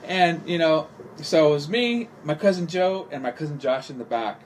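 Profane middle-aged storyteller from California. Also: male voice, fairly high pitch, very animated, fairly quick, a little mellow, a little hiss or hum. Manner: rambling, profane, heavy on "you know". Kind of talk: casual podcast storytelling.

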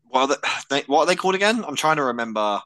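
A man's voice: medium pitch, sing-song, racing, a bit bright, no room sound. A man co-hosting a podcast, chatting casually with brief, laid-back answers. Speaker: podcast co-host. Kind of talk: casual chat.

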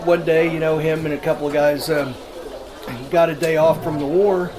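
A man's voice: on the high side, level tone, moderate pace, crowd noise. Rambling man telling a crude story. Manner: rambling, with many fillers and laughs. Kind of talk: casual storytelling.

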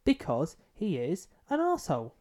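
A man's voice: a little high, wildly swooping pitch, brisk, a little mellow. A man co-hosting a book podcast, talking casually and loosely, with frequent restarts and fillers. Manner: loose, hesitant phrasing with many restarts. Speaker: podcast co-host.

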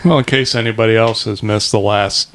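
A man's voice: lowish voice, steady tone, a little fast, a bit bright. A man co-hosting a podcast in casual chat, dropping dry teasing quips and trivia. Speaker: podcast co-host.

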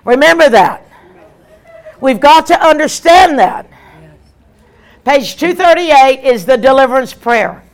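A woman evangelist, preaching an emphatic, animated sermon with repeated lines. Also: sits high, takes it slowly, long pauses.

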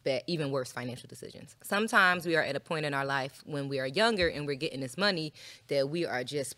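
A woman from Philadelphia talking as a podcast guest in casual chat, candid and emphatic, slowing down to stress her points. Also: low voice, expressive, pushed and bright. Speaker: podcast guest, former dancer.

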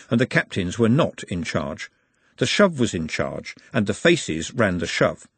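A man narrating a comic novel as an audiobook in an expressive, wry storytelling manner. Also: mid-range voice, husky, dry recording.

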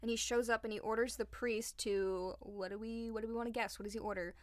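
A woman's voice: on the high side, fairly even intonation, fast, no room sound, studio quality. A young woman co-hosting a podcast, telling a history story in a chatty way, full of "like". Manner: chatty, lots of "like", acts out quotes. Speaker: podcast co-host. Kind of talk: casual storytelling chat.

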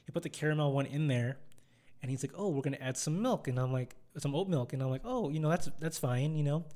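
A man's voice: fairly high pitch, quick pace, mellow. A young man, hosting a podcast, chatting casually and acting out the voices in his stories. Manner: rambling storyteller, acts out quotes. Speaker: podcast host. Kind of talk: casual chat.

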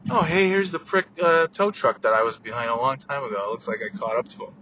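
A man talking casually while driving his car, ranting with lots of swearing and yelling at other drivers. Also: medium pitch, expressive, quick pace, lo-fi sound, background noise. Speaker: vlogger.

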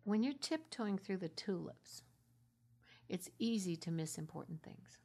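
A middle-aged woman minister telling her story in a heartfelt conversational way, sinking into a soft half-whisper at tender moments. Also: fairly low pitch, animated, measured pace.

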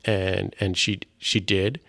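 A man's voice: deep voice, little pitch movement, vocal fry, pushed and bright, no room sound. A middle-aged man, earnestly telling his faith testimony in a conversation, often restarting his sentences. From Canada. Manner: earnest, halting, with frequent restarts. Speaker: guest sharing a faith testimony.

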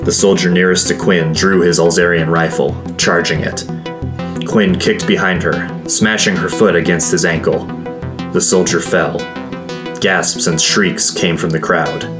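Deep-voiced man narrating a fantasy audiobook. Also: steady tone. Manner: measured, dramatic storytelling. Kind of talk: first-person scripted audiobook narration. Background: soft guitar music.

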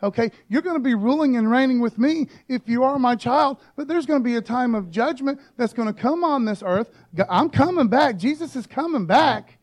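A man's voice: very high voice, lively intonation. A man preaching a casual sermon, joking, with frequent rhetorical asides. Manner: informal and joking, peppers talk with "man" and "okay?", quick rhetorical asides. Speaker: pastor.

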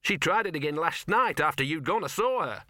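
A man's voice: on the high side, lively intonation, a little fast, sharp tone, no room sound, clean studio sound, voice pushed up. A man voicing a scruffy little talking dog who grumbles, sulks and talks smugly. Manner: grumbling, smug, self-pitying.

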